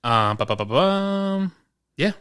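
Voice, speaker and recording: Bright-voiced New man chatting. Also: high voice, very animated, slow pace, clean tone. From Queens, New York. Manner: joking, tells stories with quoted voices. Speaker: podcast co-host. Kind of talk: casual chat.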